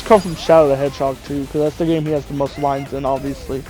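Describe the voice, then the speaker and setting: A man's voice: medium pitch, flat delivery, fast, few pauses, music in the background. A man hosting a gaming video, chatting casually and rambling, correcting himself as he thinks aloud. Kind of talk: casual chat about voice impressions.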